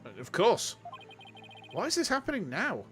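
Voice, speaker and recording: A man voicing an earnest young male lawyer, upset and pleading, his voice pushed higher. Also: wildly swooping pitch, normal speed, soft background music. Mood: distressed.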